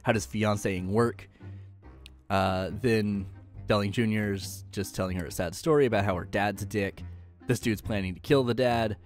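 A man's voice: fairly low pitch, steady tone, moderate pace, soft background music. Slangy, joking man recapping an anime. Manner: joking, slangy, sarcastic asides. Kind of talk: casual episode recap.

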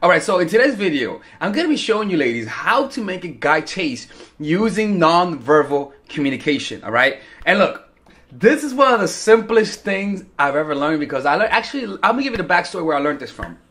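A man's voice: a little high, very animated, brisk, fairly bright tone. A young man, a dating coach, telling a casual story to women viewers and acting out quotes with swearing. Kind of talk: casual vlog advice.

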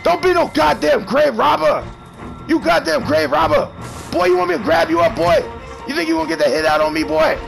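A man's voice: very high voice, animated, fairly quick, creaky. A man streaming a horror video game who taunts, curses and mock-threatens the other players nonstop. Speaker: gamer streamer. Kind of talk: trash-talking gameplay commentary. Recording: game music playing loudly behind.

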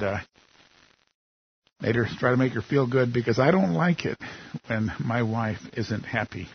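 Husky older man preaching earnestly. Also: medium pitch, no echo, muffled recording. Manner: earnest, warm pastoral delivery with rhetorical questions. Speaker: pastor. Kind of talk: sermon with opening prayer.

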